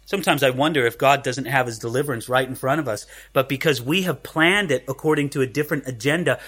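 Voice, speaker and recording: A male pastor preaching an expository sermon through a Bible passage, animated and swinging his pitch as he acts out the quoted lines. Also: husky.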